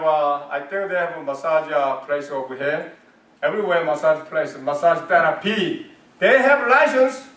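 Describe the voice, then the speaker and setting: This high, slightly bright male voice belongs to a martial arts grandmaster leading a health class. His English is broken and emphatic, and he asks questions only to answer them himself. The sound is roomy, recorded from a distant microphone.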